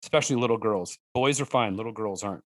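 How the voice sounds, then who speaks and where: A man chatting as a podcast guest, telling animated stories with restarts and fillers and acting out his children's lines. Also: fast, no room sound. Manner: animated storyteller who acts out his daughters' lines in a higher voice. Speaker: guest, wild game cook and hunter. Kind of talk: casual podcast conversation.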